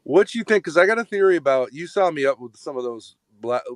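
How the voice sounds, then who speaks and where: A man's voice: a little high, lively intonation, fairly quick, dry recording. Rambling man with a dry sound. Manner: rambling, eager to lay out a theory. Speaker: panel guest. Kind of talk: casual live-stream panel chat.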